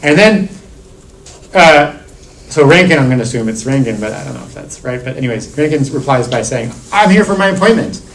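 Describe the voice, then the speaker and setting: A man's voice: medium pitch, fairly quick, vocal fry, low-quality recording. A middle-aged man, a university lecturer, talking through theory in a classroom seminar, circling back with restarts and fillers. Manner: discursive, many restarts and "like" fillers.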